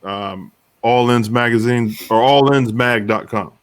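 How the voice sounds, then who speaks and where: A man's voice: medium pitch, a little slow, crowd noise. A man co-hosting a casual talk radio show, chatting in a laid-back way.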